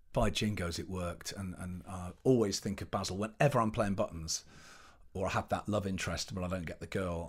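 A man, a pantomime performer chatting as an interview guest, telling animated anecdotes and restarting as he searches for words. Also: deep voice, husky. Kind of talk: casual interview chat.

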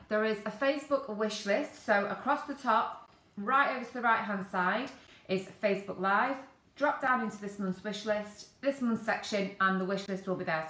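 A woman's voice: medium pitch, fairly bright tone. A woman co-hosting a live stream, steadily explaining where things are on the website, with many ums. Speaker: co-host reading out website details. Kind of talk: casual live-stream announcements. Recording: echoey kitchen room.

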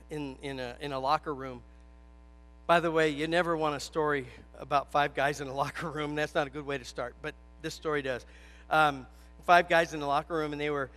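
A man's voice: on the high side, a bit bright. A man preaching a sermon in a church, stressing his points with repetition and telling a joke story. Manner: emphatic, repeats key phrases.

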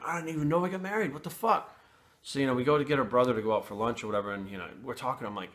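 A middle-aged man telling a rambling, profane personal story in a casual vlog. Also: on the low side. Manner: profane, rambling, animated retelling. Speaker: fitness channel host.

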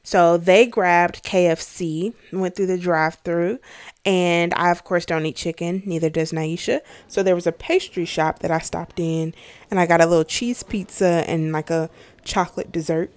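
A woman's voice: lowish voice, fairly even intonation, moderate pace, darkish tone, clean tone, no room sound. A woman travel vlogger narrating casually in voice-over, chatty, with filler words and asides to the viewers.

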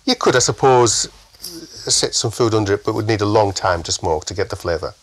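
A man's voice: lowish voice, animated, a little fast, dry recording. A man with a northern English accent, a chef guest chatting casually on a podcast and laughing easily.

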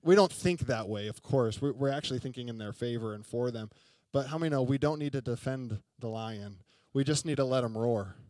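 A man's voice: medium pitch, fairly quick, hardly any pauses, darkish tone, no room sound. A young adult man preaching a sermon, telling a story in a chatty way and often asking the congregation questions. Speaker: pastor. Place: church sanctuary.

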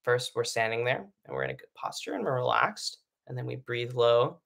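A male vocal coach talks through breathing exercises in a relaxed, conversational lesson. His tone is bright and forward at an ordinary middle pitch, and he keeps checking in with "right?" between his points. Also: normal speed, vocal fry. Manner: casual explaining with many fillers and "right?" checks. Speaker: singing teacher. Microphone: live stream setup.

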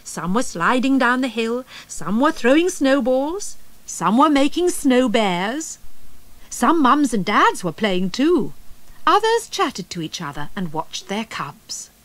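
Woman reading a children's story, unhurried, lively pitch, soft music underneath. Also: no echo. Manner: slow, expressive reading.

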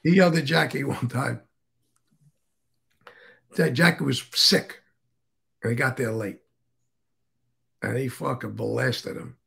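A man's voice: medium pitch, slow, gravelly, pauses often, a bit bright. A man as an interview guest, telling stories casually in a rambling way, swearing freely and restarting sentences.

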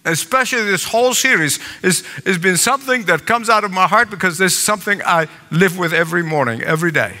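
A man's voice: high-pitched, expressive, quick pace, hardly any pauses, pushed and bright. An older man preaching a sermon as pastor, emphatic with repeated phrases and asides. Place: large church sanctuary. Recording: long hall reverb.

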